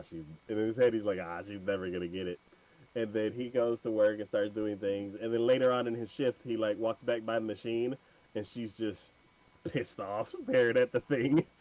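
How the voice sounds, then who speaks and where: A man's voice: mid-range voice, dull audio. A man hosting an anime podcast, retelling an episode in casual chat with lots of fillers and laughter. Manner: animated storytelling with many fillers and laughs.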